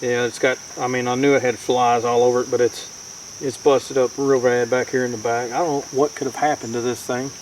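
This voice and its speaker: A chatty outdoor vlogger narrates his camping trip in the woods fairly quickly, with a mid-range voice and a level tone. He is folksy and addresses viewers as "y'all," and a little hiss or hum sits under the recording.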